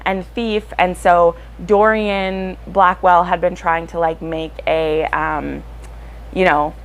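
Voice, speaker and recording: A woman book vlogger chatting casually to her viewers, excitable and full of fillers. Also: mid-range voice, poor audio. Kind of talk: casual chat to camera.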